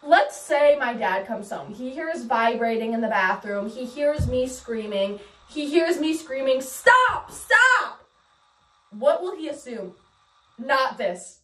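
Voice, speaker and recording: Brief: young female vlogger, high bouncy voice, giggly and chatty, filmed by a camera in a small home bathroom. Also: lively intonation, measured pace, low-quality recording. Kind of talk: casual vlog chat.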